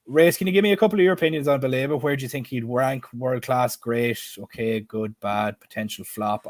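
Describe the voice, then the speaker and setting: A man's voice: lowish voice, dry recording. A man in his twenties with an Irish accent, hosting a casual football chat stream and putting questions to his guests in a chatty, self-deprecating way. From Ireland. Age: 20s. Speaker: stream host.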